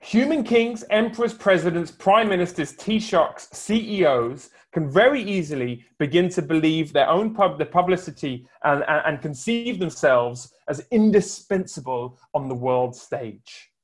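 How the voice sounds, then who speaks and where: A man's voice: on the high side, expressive. A man preaching a sermon from home for an online service, building his points with emphatic, rhetorical repetition. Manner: emphatic, rhetorical build-ups with long pauses. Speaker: pastor.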